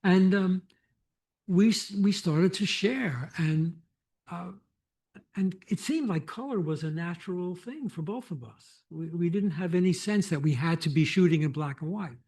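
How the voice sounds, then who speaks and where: An older man, a photographer, telling anecdotes on a lecture stage in a reflective, animated way with restarts. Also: high-pitched, a little slow. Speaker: photographer guest. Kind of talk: conversational storytelling.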